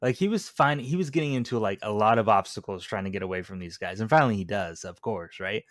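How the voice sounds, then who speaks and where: A man's voice: on the low side, fast, fairly bright tone, dry recording, clean studio sound. A man co-hosting a podcast, chatting casually about a movie in a laid-back way, full of "like" and "right". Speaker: podcast co-host. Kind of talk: casual movie review chat.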